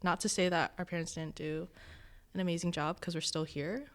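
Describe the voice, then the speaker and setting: A woman's voice: lowish voice, fairly even intonation, a little fast. A young woman with a Californian accent, reflecting thoughtfully in a casual podcast chat. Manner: reflective, thinking aloud.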